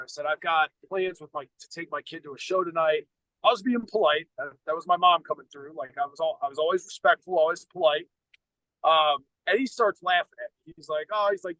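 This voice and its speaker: A middle-aged American man tells a personal story on a podcast, bluntly and full of profanity, circling back and restarting his sentences. His voice sits a little higher than most men's. The sound is dry and close, with no room behind it. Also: a little fast, pushed and bright, dry recording, rough recording. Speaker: podcast co-host. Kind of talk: casual storytelling.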